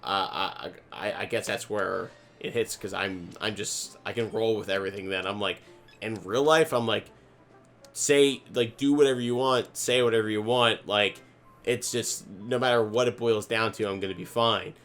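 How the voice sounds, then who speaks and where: Casting: young man, clear bright voice, meandering storyteller who leans hard on "like", casual gaming-chat tone. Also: fairly low pitch, moderate pace, soft background music. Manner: rambling storyteller, heavy use of "like", many restarts. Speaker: podcast co-host.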